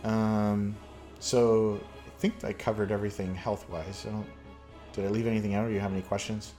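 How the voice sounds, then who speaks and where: A man's voice: lowish voice, normal speed. Canadian guy hosting a chat, rambles w lots of ums, faint music behind. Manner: rambling, lots of fillers, animated when telling a story. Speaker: podcast host. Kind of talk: casual storytelling chat.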